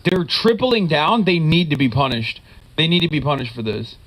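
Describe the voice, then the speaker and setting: A man's voice: medium pitch, brisk, fairly bright tone, poor audio. A man casually reacting alongside the host, with short, indignant outbursts and swearing. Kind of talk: casual profane reaction chat.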